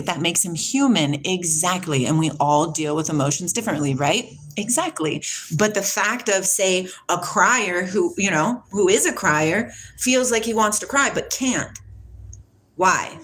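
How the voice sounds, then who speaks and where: A woman's voice: on the low side, a bit bright, slight background noise, low-quality recording. Chatty woman livestreaming to viewers. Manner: chatty, laughs often, greets viewers by name. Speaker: livestream host. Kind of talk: casual livestream chat reading viewer comments.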